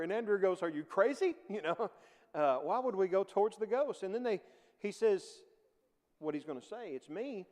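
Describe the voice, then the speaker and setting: A man's voice: sits high, a little mellow, in a large hall. A man teaching a casual Bible class in a church, talking conversationally with frequent chuckles and acting out the quoted lines.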